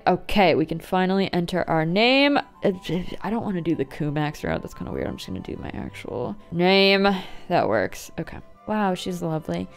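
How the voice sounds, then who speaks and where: A woman's voice: fairly low pitch, big pitch swings, normal speed, vocal fry, few pauses, faint music behind. Goofy woman joking through a game. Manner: goofy, joking, laughs often. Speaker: gaming streamer. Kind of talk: casual game commentary.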